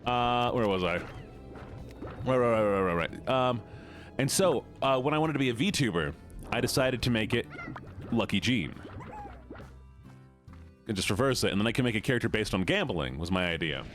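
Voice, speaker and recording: A man's voice: mid-range voice, lively intonation, normal speed, pauses often, fairly bright tone, faint music behind. A man with a Midwestern American accent chatting casually on a livestream, rambling, laughing often and reading chat aloud. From United States. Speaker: VTuber streamer.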